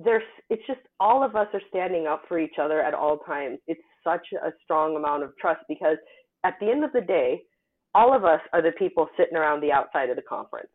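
A woman scientist from the United States talking casually in an interview, telling stories with animated emphasis. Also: sits low, brisk. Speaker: guest scientist. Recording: tinny phone-like line.

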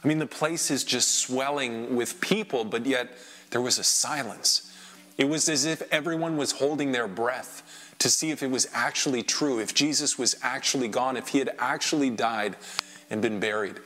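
A man performing an emotional first-person dramatic monologue, swinging between hushed lines and loud outbursts. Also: mid-range voice, moderate pace. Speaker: dramatic storyteller.

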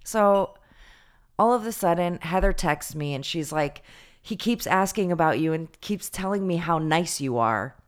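Low-voiced woman telling a chatty story. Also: unhurried. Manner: chatty, animated retelling with lots of fillers. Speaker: podcast co-host. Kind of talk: casual storytelling chat.

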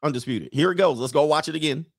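A man's voice: a little high, fast talker, gravelly. Emphatic man hosting a reaction show. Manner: emphatic, preachy, repeats points for stress. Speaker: host.

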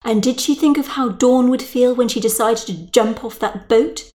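A woman's voice: fairly high pitch, normal speed, darkish tone, pitched above the performer's own voice, natural voice. Woman playing a snobbish mother, whiny, plaintive, storybook. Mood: complaining. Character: self-pitying, snobbish middle-aged mother.

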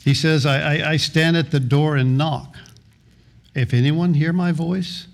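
A man's voice: on the high side, fairly even intonation, unhurried, vocal fry. A middle-aged man preaching a sermon as pastor, earnest, often repeating words and restarting phrases, sometimes half-singing lines of a hymn.

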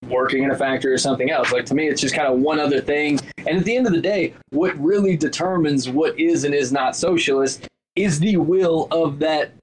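Calm explaining man, faint background hum. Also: fairly high pitch, a little fast, low-quality recording. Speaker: podcast co-host. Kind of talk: casual political chat.

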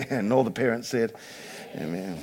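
A male pastor delivers a sermon in a high, gravelly voice. He tells stories in a chatty way and then builds to loud, emphatic preaching. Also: expressive, normal speed, background noise.

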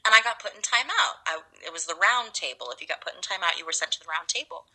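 A young woman from Los Angeles, a guest actress, telling animated stories in a casual interview. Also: lowish voice, rough recording. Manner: animated, drawn-out storytelling.

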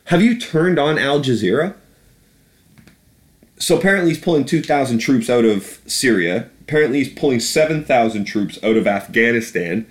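A man's voice: medium pitch, animated, normal speed, a little hiss or hum. A man ranting about politics on a podcast, profane and sarcastic. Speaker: podcast host. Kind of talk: casual political rant.

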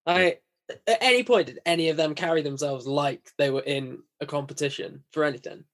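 A man with a fairly high voice talks football in a relaxed, matey way, breaking into easy laughs. He speaks casually and loosely. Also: fairly quick. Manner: laid-back, laughing, says "mate". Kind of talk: casual football podcast chat.

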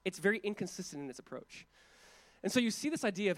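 Fast-talking, high-voiced male pastor. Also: big pitch swings, no room sound. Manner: conversational and emphatic, with asides and chuckles. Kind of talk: sermon.

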